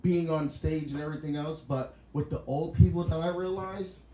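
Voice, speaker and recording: A man doing a stand-up set in a small club, telling stories with loud laughter and a lot of swearing. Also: a little high, fairly even intonation, normal speed, a little hiss or hum. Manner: loud, laughing, profane storytelling. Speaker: stand-up comic. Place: small comedy venue. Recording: echoey small venue with laughing crowd.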